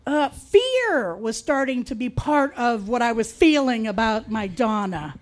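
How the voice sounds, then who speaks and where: A middle-aged woman telling a personal true story in a wry, confiding way, with dark humor. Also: fairly high pitch, sing-song, measured pace.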